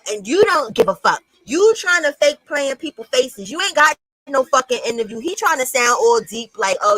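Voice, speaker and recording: A woman's voice: high-pitched, fairly bright tone, dry recording, low-quality recording. A woman hosting a reaction commentary, talking in a blunt, profane, mocking way. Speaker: commentary host.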